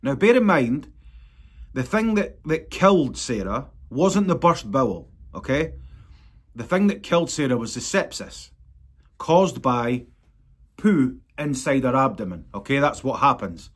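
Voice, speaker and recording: A man speaking in a husky, slightly rough voice at an ordinary middle pitch. He talks straight to his viewers in a vlog, blunt and angry, swearing freely as he tells them what happened. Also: animated, a little slow. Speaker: tattoo artist and channel host. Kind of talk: direct-to-camera vlog update.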